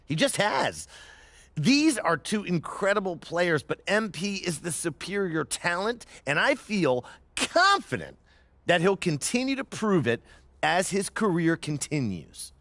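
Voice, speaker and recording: A man's voice: high-pitched, sing-song, measured pace, a bit bright, dry recording. A man narrating a scripted basketball ranking, talking players up with emphatic, hype-filled delivery. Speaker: basketball commentator.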